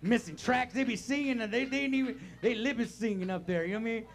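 High-voiced older male preacher, animated. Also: fast talker, creaky. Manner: animated, swinging from shouting to quiet talk. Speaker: pastor. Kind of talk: sermon. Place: church sanctuary.

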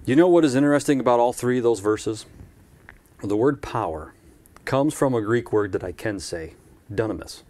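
A man's voice: medium pitch, animated, moderate pace, a little mellow. A man preaching a live-streamed church sermon in a conversational way, with asides and repeated phrases.

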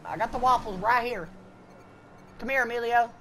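A woman gamer talking loud, goofy and profane in online party chat, drawling "y'all" and "feller". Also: a little high, normal speed, slight background noise. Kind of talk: rowdy party chat while gaming.

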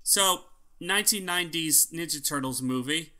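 This podcast co-host has a bright, slightly high male voice and speaks at a normal pace. The conversation is casual and loose, and he rants opinionatedly, cursing without restraint.

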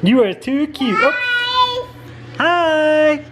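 A man's voice: extremely high pitch, lively intonation, drawn-out words. A man filming a home vlog, teasing and joking with his young kids. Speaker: vlogger dad.

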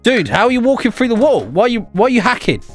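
A man's voice: very high-pitched, very animated, fast, faint music behind. A man from England with an English accent, bantering with strangers in a game's voice chat, mocking and teasing and often laughing. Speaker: gaming YouTuber.

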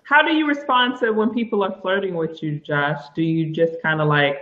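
A woman's voice: deep voice, moderate pace, hardly any pauses. A woman co-host teases the guests with probing questions about being picked up. Her voice comes through dull and lo-fi. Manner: teasing and probing. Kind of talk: casual panel chat.

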